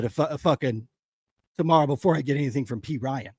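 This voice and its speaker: A man's voice: mid-range voice, brisk, darkish tone, a little hiss or hum. A man hosting a livestream, ranting angrily with constant swearing in loose, heated casual commentary. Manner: profane, angry ranting. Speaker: livestream host.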